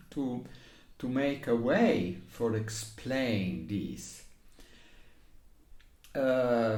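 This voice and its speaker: A man of medium pitch and slightly mellow tone explains phrasing for a recorder piece in an echoey room. He has an Italian accent and non-native English, hesitates at times, and sings passages on syllables.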